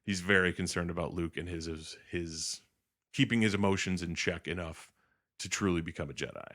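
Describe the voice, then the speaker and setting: Lively low-voiced man recapping a movie. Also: fairly quick. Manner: animated, swearing, acts out characters. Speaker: co-host. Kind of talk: casual movie recap chat.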